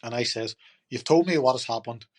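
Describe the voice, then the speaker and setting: A man's voice: mid-range voice, fairly quick. A middle-aged man, a podcast guest telling his story in a chatty, rambling way full of fillers. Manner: chatty, rambling, lots of "you know" and "turned around and says". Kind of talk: casual storytelling.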